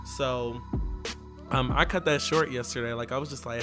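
A young man talks to his viewers in a casual, meandering vlog. His voice sits at an ordinary pitch, loose and full of fillers. Faint music plays behind him. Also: steady tone, moderate pace. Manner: casual, meandering, filler-heavy with likes and ums. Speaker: vlogger.

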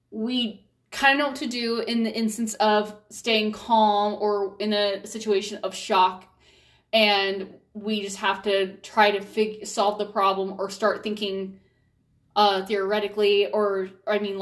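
A woman's voice: medium pitch, a bit bright. A young woman, a mother, chatting candidly to camera, with lots of fillers and restarts. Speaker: mother vlogger. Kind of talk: casual chat to camera.

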